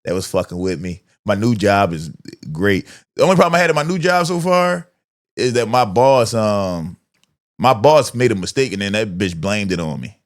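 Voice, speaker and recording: A man's voice: fairly low pitch, moderate pace. A man in his thirties hosting a podcast, telling casual stories full of swearing and acted-out quotes. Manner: profane, animated storyteller who acts out quotes. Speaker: podcast host. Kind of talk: casual storytelling chat.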